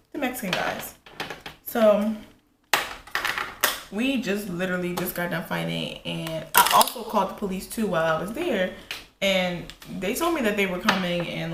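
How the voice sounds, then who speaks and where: Animated woman telling a story, echoey room. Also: moderate pace, very noisy. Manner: animated, profane, retells quotes with rising pitch. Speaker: vlogger. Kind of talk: casual storytelling while getting ready. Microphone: camera in front. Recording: echoey room with faint ambience.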